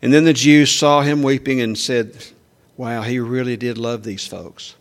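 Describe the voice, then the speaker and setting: A man preaching a sermon in a conversational way, asking the congregation questions and acting out quoted lines louder and higher. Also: fairly even intonation, measured pace. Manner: acts out quoted speech with raised pitch and volume. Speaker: pastor.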